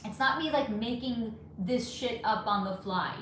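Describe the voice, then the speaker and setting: A woman puts on makeup at home while running a casual livestream, reading chat questions aloud and answering bluntly, with free swearing and fillers as she trails off. Her voice is fairly high and a bit bright, her delivery unhurried. The very echoey room carries slight background noise.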